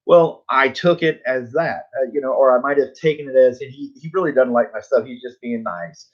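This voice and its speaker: A man's voice: mid-range voice, brisk, highs cut off. A man in his forties, a comic book artist, telling a rambling story to viewers in a laid-back, tongue-in-cheek way. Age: 40s. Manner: rambling, full of fillers, laughs at himself.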